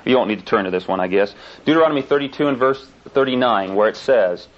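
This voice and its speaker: Male preacher, mid-pitched, emphatic and insistent, muffled lo-fi tape. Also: quick pace. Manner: emphatic, insistent, repeats key points. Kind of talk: sermon with scripture reading. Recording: dull lo-fi tape recording.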